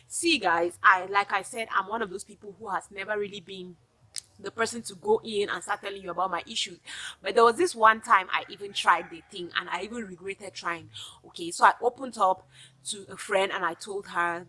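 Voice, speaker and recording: Nigerian woman, bright voice, talking straight to camera with emphatic advice. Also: mid-range voice, a little fast. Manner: chatty, emphatic, addresses viewers directly. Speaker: vlogger giving advice. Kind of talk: casual advice monologue.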